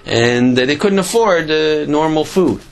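A man teaching a religious lesson by telling a story, halting often, repeating words and restarting his sentences. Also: fairly high pitch, lively intonation.

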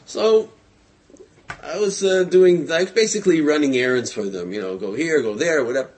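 Man telling a story, slightly high voice. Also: normal speed. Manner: lively, hesitant, with frequent fillers and chuckles. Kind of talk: casual spoken storytelling.

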